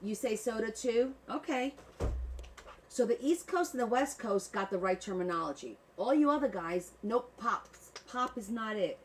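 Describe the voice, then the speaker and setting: A woman with a slightly high, expressive voice hosts a crafting livestream at a moderate pace, chatting playfully with viewers and laughing as she works. The recording is rough, with a little hiss or hum.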